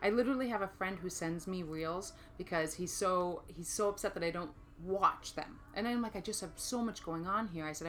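A woman's voice: fairly low pitch, brisk, hardly any pauses. A woman chatting casually, talking reflectively and at length. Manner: reflective, talkative, laughs often. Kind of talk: casual chat.

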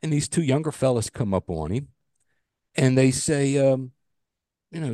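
A man's voice: medium pitch, expressive, moderate pace, pauses often, mellow, no echo, clean studio sound. A middle-aged man co-hosting a casual podcast, telling stories and jokes in a loose, joking way with the odd swear. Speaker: podcast co-host. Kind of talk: casual chat.

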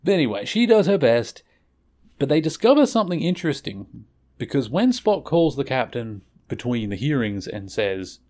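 A man's voice: mid-range voice, very animated, moderate pace, a little mellow. A man hosting a podcast, recapping a television episode in a rambling, conversational way and correcting himself as he goes. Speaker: podcast host.

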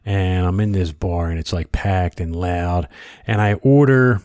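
Lively Philly man telling stories. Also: sits low, measured pace, no echo. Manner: animated storyteller who acts out quotes loudly. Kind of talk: casual storytelling chat.

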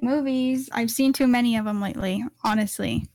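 Deadpan, teasing woman podcast co-host. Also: fairly high pitch, fairly quick, dry recording, studio quality. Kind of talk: casual podcast chat.

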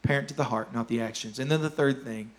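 A man's voice: medium pitch, fast talker. A man preaching a sermon as pastor, emphatic and repeating his key phrases. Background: worship music.

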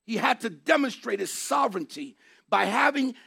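Man, preacher, very high voice, husky, emphatic sermon, repeats phrases and shouts. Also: expressive, moderate pace.

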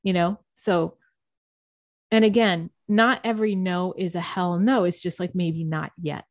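A woman's voice: on the low side, steady tone, unhurried, no echo, clean studio sound. A woman guest speaking casually and earnestly, giving life advice with lots of "like" fillers. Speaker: guest, spiritual practitioner. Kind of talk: casual conversation.

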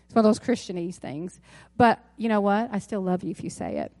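Woman pastor, 30s, casual sermon delivery in a church, mid-pitched voice, dry recording. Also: lively intonation, a little fast, mellow, no echo. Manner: conversational, self-correcting with asides. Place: church sanctuary.

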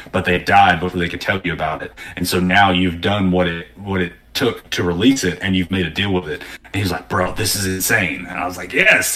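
A man in casual conversation, animatedly telling stories and acting out what people said. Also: deep voice. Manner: animated storyteller, acting out quotes. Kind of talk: casual conversation about tabletop games.

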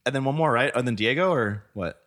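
A young man in casual chat among friends, animated, laughing often and swearing freely. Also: mid-range voice, fast talker.

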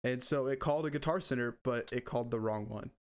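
A man co-hosting a casual podcast chat, telling a story with animated delivery and frequent laughter. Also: medium pitch, fast, slight background noise. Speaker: podcast co-host.

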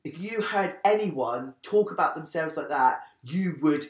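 A woman's voice: sits low, lively intonation, measured pace. A woman guesting on a podcast, chatting candidly and rambling with frequent restarts. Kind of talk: casual chat. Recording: echoey room.

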